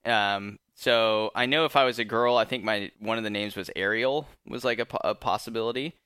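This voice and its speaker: A man's voice: lowish voice, brisk, sharp tone, clean tone, no echo, studio quality. A young man hosting a casual podcast chat, laid-back and rambling with fillers and laughs. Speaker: podcast host.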